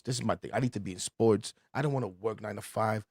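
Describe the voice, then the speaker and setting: A man's voice: on the low side, expressive, fast talker, creaky, hardly any pauses, a little mellow, no echo, studio quality. A man with a New York accent hosting a sports podcast, chatty and eager. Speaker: podcast host. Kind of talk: casual podcast chat.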